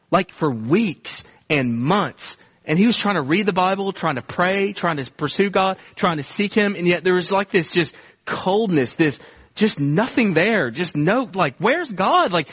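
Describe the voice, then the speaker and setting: A man's voice: fairly high pitch, fairly bright tone. A male pastor preaching a sermon to his church in an earnest, conversational way. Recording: dull, lo-fi sermon recording.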